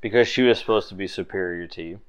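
Deep-voiced male game master. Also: fast, smooth. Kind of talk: narrating a tabletop game.

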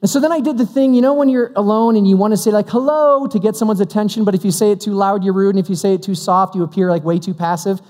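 High-voiced pastor in a hall. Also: male voice, fairly even intonation, very fast, few pauses, dark tone. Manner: conversational, humorous, acts out quoted dialogue. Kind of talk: sermon with storytelling. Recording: long hall reverb.

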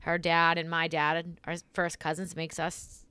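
A woman's voice: deep voice, completely flat delivery, measured pace, sharp tone, smooth, no room sound. A young woman co-hosting a podcast in casual chat, talkative and loose with swearing. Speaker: podcast co-host.

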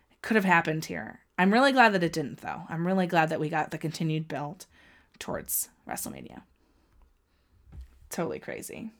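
A woman, commenting on a wrestling match for her viewers, chatty and prone to gasps and outbursts. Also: lowish voice. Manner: excitable, gasps and cries out at the action; chatty, talks straight to viewers. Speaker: wrestling watch-along streamer. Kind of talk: casual live reaction commentary.

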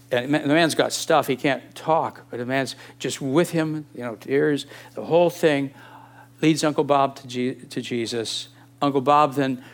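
A man in his sixties preaching a sermon, animated and emphatic, firing off rhetorical questions. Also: medium pitch. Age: 60s.

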